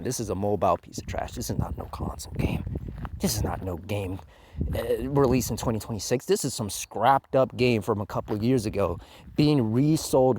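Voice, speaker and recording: A man giving a profane, exaggerated game review rant, veering from loud outraged outbursts to low muttered asides. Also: a little hiss or hum.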